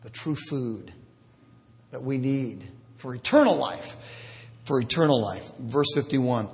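A man preaching a sermon, animated and jokey, with sudden loud bursts. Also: on the high side, normal speed, gravelly, in a large hall. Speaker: pastor.

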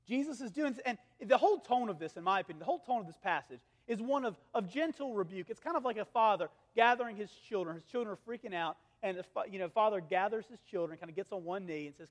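A man in his thirties, a pastor preaching a sermon, who swings between raised, urgent passages and hushed, gentle ones. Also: sits high, lively intonation, fast talker, hardly any pauses. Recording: long reverb of a large hall.

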